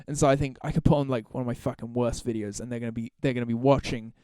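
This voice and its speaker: A man's voice: mid-range voice, fairly even intonation, racing, mellow, clear, resonant tone, dry recording, studio quality. A man hosting a solo podcast, talking casually in long, rambling, profane stretches full of restarts and laughs. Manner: laughs through his stories. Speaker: podcast host.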